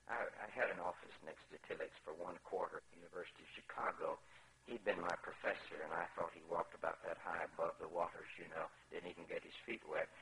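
Lecturer telling anecdotes, man, lively up-and-down delivery. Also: medium pitch, slight background noise, low-quality recording. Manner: animated storyteller, acts out quotes. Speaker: speaker on preaching.

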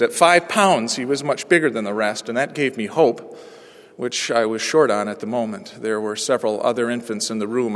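A pastor in his forties preaching a sermon through a personal story, moving from hushed, quiet passages to ringing proclamation. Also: fairly high pitch. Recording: long reverb of a large hall.

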